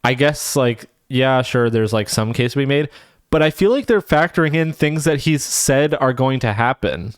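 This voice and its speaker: A man's voice: medium pitch, animated, normal speed, clear, resonant tone, no echo, clean studio sound. A man streaming live, reacting with profane, laughing, rambling commentary.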